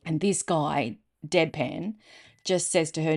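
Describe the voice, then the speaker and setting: A middle-aged Australian woman reads and retells short stories in a relaxed, chatty way. She keeps wandering off to explain local words. Her voice sits low, with a gravelly, fry-touched edge and a dry sense of humour. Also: slow pace. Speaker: storyteller. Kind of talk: casual storytelling reading.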